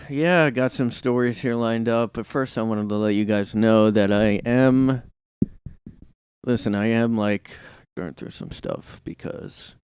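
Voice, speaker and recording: A man with a low, smooth voice rambling sarcastically through his solo podcast. The sound is dry and close, recorded in his room. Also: a little mellow, no echo. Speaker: podcast host. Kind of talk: casual solo podcast monologue.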